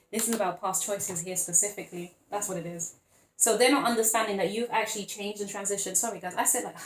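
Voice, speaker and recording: Woman tarot reader, mid-pitched, loose and playful, lots of ums and laughs, recorded in an echoey room. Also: a little hiss or hum. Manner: playful, rambling, chatty, with frequent laughs and fillers. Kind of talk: casual tarot reading to camera.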